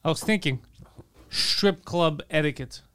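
A man riffing in a relaxed comedy chat. His voice sits high and comes out clear and smooth. He builds his points bit by bit and laughs along easily. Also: measured pace. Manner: riffing on bits, laughs often.

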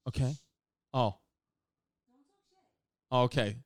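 A man hosting a casual comedy show from his living room, rambling and joking with quick asides. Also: mid-range voice, fairly even intonation, no room sound. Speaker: podcast host.

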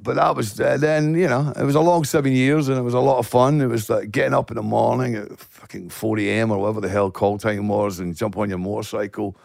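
Man, Glasgow accent, gravelly voice, dry close mic, sweary storytelling. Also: on the low side, steady tone, quick pace, few pauses, darkish tone, no room sound. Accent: Scottish, Glasgow. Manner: swears a lot, blunt storytelling. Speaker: guest actor. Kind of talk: casual podcast chat.

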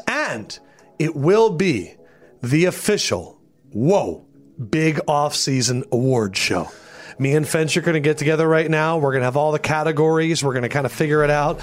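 Podcast co-host, male, lively storyteller with a slightly high voice who voices the characters in his story. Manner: animated, acts out voices in anecdotes. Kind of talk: casual storytelling.

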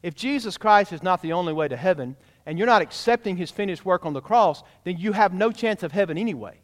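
A man's voice: sits high, lively intonation, fast, big-room sound. A man preaching a sermon as pastor, emphatic and direct, often asking the congregation questions. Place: church sanctuary.

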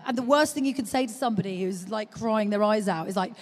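A woman speaking at medium pitch and a quick pace is a guest on a live podcast about motherhood, staged in a large exhibition hall. She tells stories animatedly and acts out what people said, with the hall's long reverb and slight background noise.

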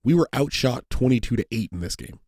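A man's voice: mid-range voice, animated, quick pace, mellow, no room sound, studio quality. A man co-hosting a casual sports podcast, talking bluntly with plenty of swearing and frequent restarts. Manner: blunt, profane, restarts sentences often. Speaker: podcast co-host.

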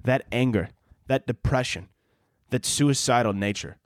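A man hosting a podcast, telling a rambling, sarcastic rant full of dark humor and exaggeration, with frequent self-interruptions. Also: mid-range voice, unhurried, no echo, clean studio sound. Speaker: podcast host.

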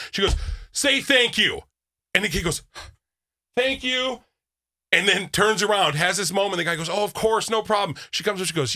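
A radio show co-host with a mid-range voice tells a story in casual chat. He's animated and acts out the voices of the people in it.

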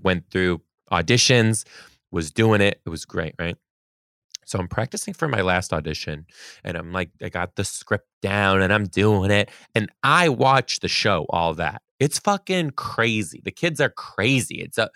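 A man co-hosting a podcast, telling stories in lively, profane casual chat and laughing often. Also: low-pitched, a little slow, dry recording, studio quality.

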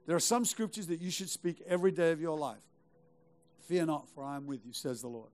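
A middle-aged male pastor preaching a sermon, urging the congregation on with rhetorical questions and repeated phrases. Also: a little high. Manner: emphatic, exhorting with rhetorical questions and repetition.

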